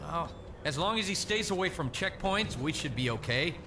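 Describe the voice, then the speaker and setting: A friendly urgent undercover guard. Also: male voice, on the high side, lively intonation, moderate pace, crowd noise.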